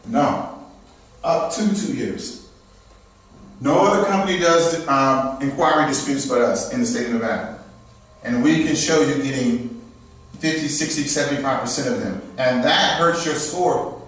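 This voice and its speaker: A man's voice: medium pitch, a little slow, pauses often, fairly bright tone, distant mic. Man lecturing in a very echoey room. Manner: checks in with frequent "okay?" and "all right?". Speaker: credit repair instructor. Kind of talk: live seminar lecture.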